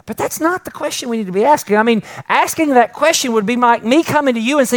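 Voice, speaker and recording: A man's voice: very high voice, quick pace, hardly any pauses. A middle-aged man preaching a sermon in a conversational way, asking rhetorical questions and building to emphatic points. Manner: rising emphatic peaks then soft prayerful close. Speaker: pastor. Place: church with live congregation and online stream.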